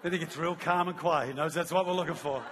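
A man preaching a sermon in a church hall, telling a story in an animated way and laughing as he goes. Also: fairly high pitch, fast talker, noisy background. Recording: long hall reverb.

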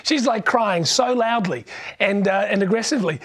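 A man preaches in a relaxed, joking storytelling way, his voice sitting notably high for a man. He restarts phrases often and keeps the tone conversational. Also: moderate pace. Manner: conversational and humorous, frequent restarts. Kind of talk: sermon with personal storytelling.

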